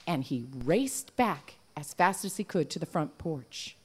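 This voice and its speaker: A woman telling a folk tale aloud to a live audience in an animated, folksy way. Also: low-pitched, measured pace, few pauses, husky. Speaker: storyteller. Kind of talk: live oral storytelling.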